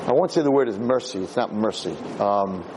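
A man, a rabbi, giving an informal Torah class, animated and rambling as he searches aloud for the right word. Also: on the low side, a little fast, noisy background.

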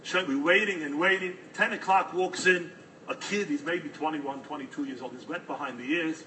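A man telling a story in an animated, dramatic storytelling manner. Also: on the high side, normal speed, recorded from a distance, low-quality recording. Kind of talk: oral storytelling.

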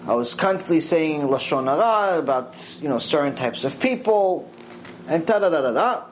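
A man giving a mussar lecture, telling a story with lively acted-out voices. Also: normal speed, a little hiss or hum, low-quality recording. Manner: animated storytelling, acts out quoted voices with big pitch swings. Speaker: Torah teacher.

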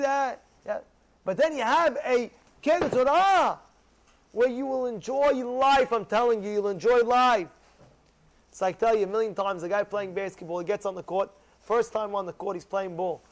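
Rabbi type, man, very high pitch, animated lecturer who acts out examples and hammers points by repetition. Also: normal speed. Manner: animated, acts out quoted people, repeats phrases for emphasis. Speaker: rabbi giving a Torah class. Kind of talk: lively Torah lecture.

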